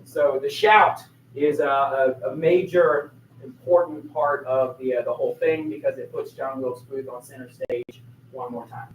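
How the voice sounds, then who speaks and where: A man's voice: mid-range voice, fairly even intonation, moderate pace. A male teacher giving a history lecture to a class, telling the story with energy and throwing questions to the students. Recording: echoey room, mic far off, faint noise.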